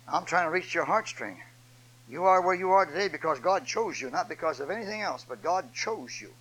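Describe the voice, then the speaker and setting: An older man preaching a sermon, moving from loud, shouted, repeated declarations to low, folksy storytelling in a homespun delivery. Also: animated, brisk, slight background noise, low-quality recording.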